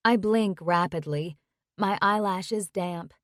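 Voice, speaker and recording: A young woman narrating a romance audiobook in first person, slow and intimate. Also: medium pitch, dry recording, studio quality.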